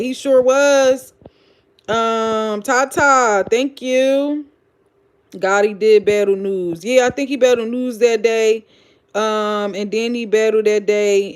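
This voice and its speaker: A woman with a Philadelphia accent hosting a casual livestream, reading comments and telling gossipy stories in a loose, profane, blunt way. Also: fairly high pitch. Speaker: livestream host.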